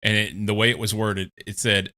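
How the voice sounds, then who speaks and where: A man's voice: lowish voice, level tone, moderate pace, sharp tone. A man streaming a game at home, chatting casually, swearing freely and laughing often as he rambles into a desk mic. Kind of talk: casual chat while playing.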